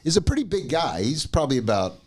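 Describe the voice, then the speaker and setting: A man's voice: a little high, sing-song, fast talker. A man co-hosting a podcast, telling a long story in a casual, profane way and laughing as he goes. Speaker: podcast co-host.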